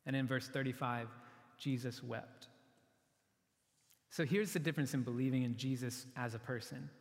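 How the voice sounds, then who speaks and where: A man's voice: mid-range voice, fairly even intonation, moderate pace, vocal fry. A man giving a sermon as a pastor, earnest and conversational, often restarting his phrases. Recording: long reverb of a large hall.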